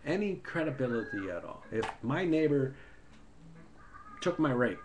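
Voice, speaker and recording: A man's voice: mid-range voice, big pitch swings, normal speed, background noise. A man ranting in a casual, rambling and heated way into a webcam, repeating himself as he goes. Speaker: video blogger. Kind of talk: casual political rant.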